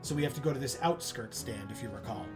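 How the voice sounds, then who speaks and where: A woman's voice: extremely low pitch, quick pace, over music. A woman casually chatting and reading a video game's text aloud during a playthrough, playful in tone. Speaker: co-host of a game playthrough. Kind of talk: casual chat while playing.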